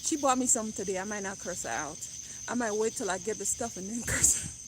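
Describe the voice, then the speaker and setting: A woman's voice: medium pitch, fast talker, background noise. A woman chatting bluntly and jokingly to her viewers in a casual vlog, recorded on a phone outdoors beside a car. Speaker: vlogger.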